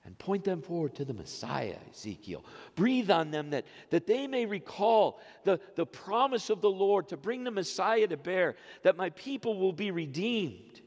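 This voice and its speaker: A man's voice: expressive, moderate pace, few pauses. Man in his fifties preaching in a reverberant sanctuary. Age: 50s. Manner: swings from quiet low phrases to loud, rising exclamations. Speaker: pastor. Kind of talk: sermon. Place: church sanctuary. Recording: long reverb of a church sanctuary.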